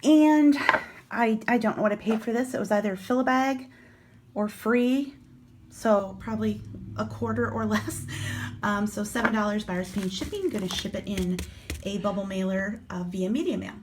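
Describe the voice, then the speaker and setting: Against a noisy background, a mid-range voice speaks at a moderate pace: a middle-aged Iowa woman vlogging about her online resale sales from home. Her casual narration is chatty and frank, with a matter-of-fact approach to prices.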